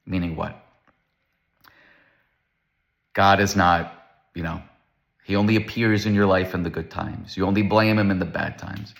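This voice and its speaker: Guy giving a chill torah talk, bright forceful voice, tells stories and does little voices. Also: low voice, measured pace, vocal fry, pauses often. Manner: animated storyteller, acts out quoted voices. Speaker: Torah lecturer. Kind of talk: casual religious lecture.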